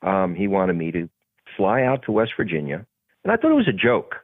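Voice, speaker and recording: A man's voice: low voice, a little fast, no echo. A man, a guest actor, telling stories in an interview and acting out the people in them. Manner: animated, acts out the other people in his stories. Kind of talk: storytelling in an interview. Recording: tinny phone-like sound, dry.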